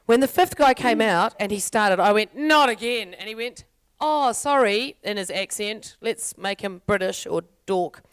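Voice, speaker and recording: A woman's voice: medium pitch, moderate pace, hardly any pauses, clear, resonant tone. A New Zealand woman hosting a comic panel on stage, chatty and full of jokey asides. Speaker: panel host. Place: lecture stage before audience.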